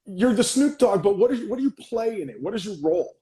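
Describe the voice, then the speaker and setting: A man hosting a casual interview podcast, excitable and gushing, often restarting his questions mid-sentence. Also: high voice, fast, roomy sound. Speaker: podcast host.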